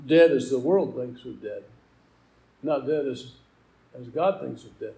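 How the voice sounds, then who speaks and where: A man's voice: medium pitch, unhurried, vocal fry, mellow. A man preaching a sermon, explaining scripture in an earnest teaching manner.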